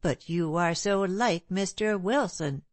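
A woman voicing a humble, timid working-class widow who pleads and apologizes, raised a little above her own lower voice. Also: slow, no echo. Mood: timid pleading. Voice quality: ungrammatical, pleading speech.

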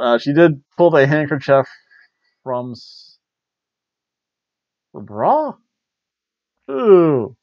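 A man's voice: medium pitch, no room sound, lo-fi sound. A man hosting a wrestling review show, rambling casually with wry asides on a cheap worn lapel mic. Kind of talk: casual chat.

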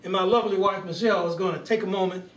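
A man doing a comic impression of a US president at home, giving a drawn-out formal welcome speech with deliberate stumbles. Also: high-pitched, fairly even intonation, fairly bright tone. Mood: stately. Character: male US president impression, stately and slow. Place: home living room. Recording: roomy room sound from a distant camera.

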